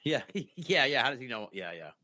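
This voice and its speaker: A man's voice: mid-range voice, big pitch swings, moderate pace, bright, forceful tone. A man hosting a podcast, chiming in with short agreeing remarks during a casual interview. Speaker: podcast host.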